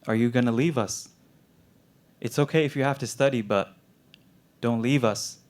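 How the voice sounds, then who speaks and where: A young man voicing a smiling six-year-old girl who pleads softly. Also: medium pitch, moderate pace, close to an everyday voice. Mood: pleading.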